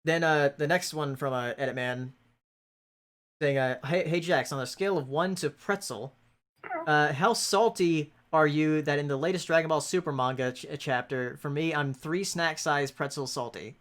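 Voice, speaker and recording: A man's voice: a little high, moderate pace, a bit bright. A man co-hosting a podcast, reading a listener's question aloud in casual chat, hesitating with frequent fillers.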